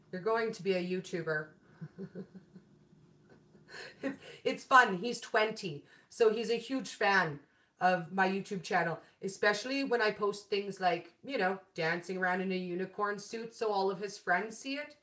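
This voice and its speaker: A woman's voice: a little high, fairly bright tone. A woman in her forties hosting a casual live-stream chat about keto food, bubbly and laughing often, greeting viewers by name. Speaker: keto food channel host. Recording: echoey room.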